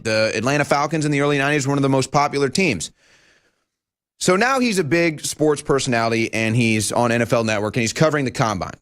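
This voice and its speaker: Emphatic talk-show host man. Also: mid-range voice. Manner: animated, emphatic, rhetorical questions. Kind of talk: political commentary monologue. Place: broadcast studio.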